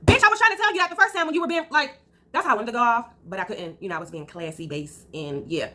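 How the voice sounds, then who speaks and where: A woman vlogger telling a casual storytime, animated and acting out what people said. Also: a little high, quick pace, slight background noise. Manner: animated, acts out quotes, trails off with blah blah.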